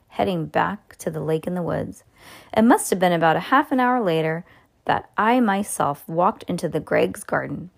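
Storyteller, woman, children's book read aloud, lively with asides. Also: fairly low pitch, vocal fry. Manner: lively with small slips and asides.

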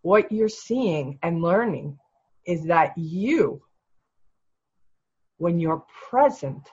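A coach speaking calmly and reflectively, guiding the other person with gentle prompts. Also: mid-range voice, very slow, husky, dull audio.

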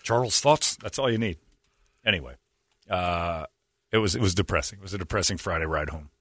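A man hosting a radio show, telling a self-mocking story in casual chat, animated and quick to laugh. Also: low voice, no room sound, clean studio sound.

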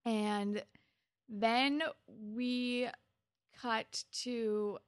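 A woman's voice: on the high side, flat delivery, drawn-out words, no echo, studio quality. A woman co-hosting a casual podcast, walking through TV scenes and quoting the characters with bursts of emphasis. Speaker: podcast co-host. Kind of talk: casual chat recapping a TV episode.

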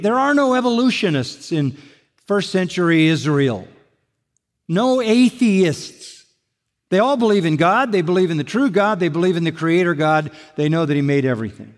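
An older male pastor delivers a sermon, pressing his points with emphasis and repeating key phrases. His voice sits a touch high for a man. It rings out with a long reverb, as if filling a large church hall.

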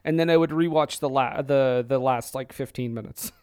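A man hosting a podcast, chatting casually in a jokey, lively way. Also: mid-range voice, moderate pace, clean tone, no room sound, clean studio sound. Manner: jokey, laughs between lines. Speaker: podcast host. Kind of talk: casual chat.

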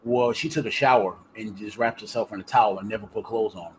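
A man's voice: fairly low pitch, quick pace, very noisy. A man co-hosting a casual chat, skeptical, often mumbling and trailing off. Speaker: podcast co-host.

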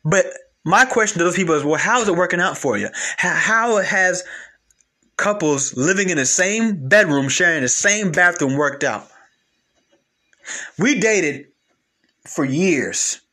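A young man giving a blunt, animated casual monologue on relationships, full of slang and repeated phrases. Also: sits high, unhurried. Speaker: commentator.

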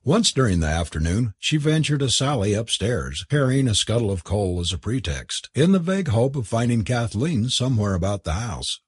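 A man reads a novel aloud in a measured, expressive storytelling style. His voice is husky and his pitch moves a lot. The sound is dry and close, with no room echo. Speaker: narrator. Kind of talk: scripted audiobook narration.

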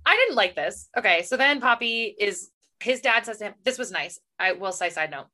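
A woman's voice: mid-range voice, big pitch swings, moderate pace, sharp tone. A young woman co-hosting a podcast, chatting casually about a book and often acting out lines from it. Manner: chatty, laughs often, acts out quotes. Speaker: podcast co-host.

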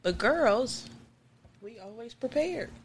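A woman's voice: on the high side, lively intonation, slow. A woman co-hosting a podcast, chiming in with short reactions and quips. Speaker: podcast co-host. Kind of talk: casual chat.

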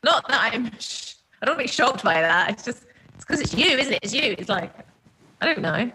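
A woman's voice: on the high side, expressive, moderate pace, background noise. A woman with an English accent, chatting as a podcast guest in a self-deprecating, talkative way. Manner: chatty and self-deprecating, slips into playful put-on voices. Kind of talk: casual chat.

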